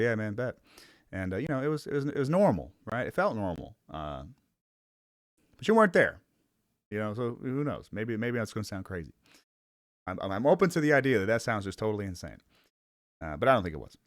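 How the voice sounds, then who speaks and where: A man's voice: medium pitch, no echo, studio quality. A young man from the Cleveland area rambling casually in a vlog, self-conscious, laughing often and swearing casually. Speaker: vlogger.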